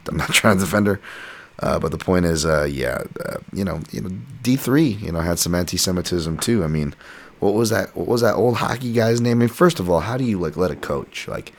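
Podcast host, man, very low gravelly voice, rambling casual delivery. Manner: rambling, goes off on tangents.

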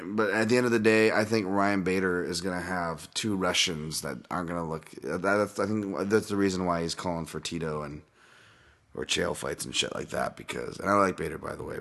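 A man's voice: deep voice, vocal fry, a bit bright. A man hosting a podcast in a casual, rambling way, swearing often and wandering off on tangents. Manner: rambling, profane, goes off on tangents. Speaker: podcast host.

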